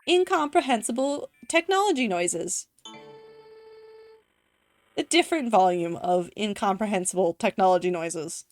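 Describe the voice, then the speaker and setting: A woman's voice: mid-range voice, expressive, unhurried, pauses often, faint music behind. A woman streaming a game, chatting casually and wryly as she reads out her choices. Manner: casual and wry, reading choices aloud. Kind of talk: live game stream commentary.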